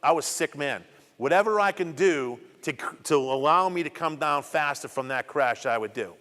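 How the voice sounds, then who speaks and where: A middle-aged guest speaker gives a personal testimony to students in a community program hall, telling his story emphatically with much repetition. His fairly high, somewhat bright voice is expressive and moves at normal speed, with long hall reverb on the recording.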